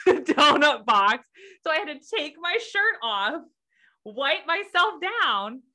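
A young woman from the United States co-hosting a casual podcast, telling stories with lively acted-out quotes. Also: sits high. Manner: animated storytelling, acts out quotes. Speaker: podcast co-host. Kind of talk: casual chat.

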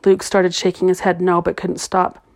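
A woman narrating a novel in a steady, even storytelling voice. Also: fairly low pitch, normal speed. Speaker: audiobook narrator. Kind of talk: scripted narration.

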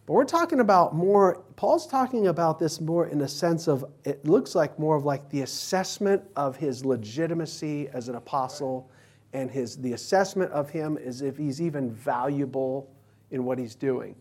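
Husky-voiced man preaching casually. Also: on the high side, animated, moderate pace, a little mellow. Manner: casual, illustrates with playful acted-out examples. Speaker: pastor. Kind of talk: conversational sermon with Bible teaching.

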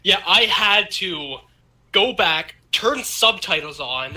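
Male co-host, high and very bright voice, excitable and profane in casual chat. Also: slow.

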